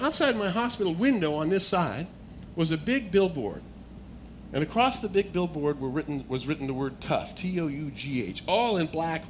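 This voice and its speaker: A man with a slightly raised voice gives a personal testimony as a guest speaker. He tells it as a story and lets it build to animated excitement, with a faint hiss under the recording. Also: fairly high pitch.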